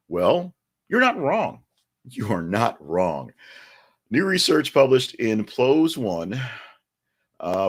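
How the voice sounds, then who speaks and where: A man with a low voice hosts a casual news podcast, chatty and wry, wandering into offhand asides. He frequently breaks off and restarts his sentences partway through.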